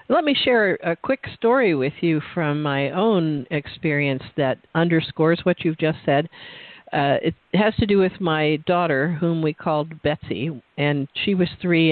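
An interview host telling a personal story and posing questions in a measured, conversational way. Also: medium pitch, no echo. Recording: tinny phone line, dry.

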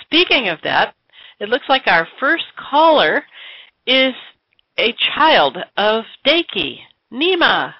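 A woman's voice: fairly high pitch, very animated, takes it slowly, no room sound, highs cut off. A woman hosting a radio talk show, upbeat and chatty, with fillers.

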